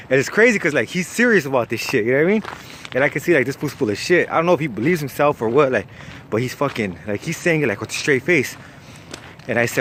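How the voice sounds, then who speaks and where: A man's voice: medium pitch, fairly quick, a little hiss or hum. A young man, casually telling a wild story, slangy and profane. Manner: profane, slangy, lively, laughs at his own story.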